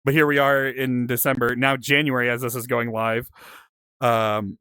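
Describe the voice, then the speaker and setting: A man's voice: medium pitch, level tone, normal speed, sharp tone, clear, resonant tone, dry recording, clean studio sound. A young man hosting a podcast in casual, laid-back chat, often stumbling over his words. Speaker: podcast host.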